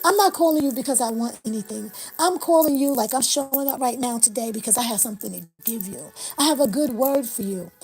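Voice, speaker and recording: A woman's voice: sits high, a little mellow, poor audio. A woman in her fifties giving an impassioned motivational talk on a livestream, speaking in repeated, preacher-like affirmations. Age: 50s. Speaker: livestream host.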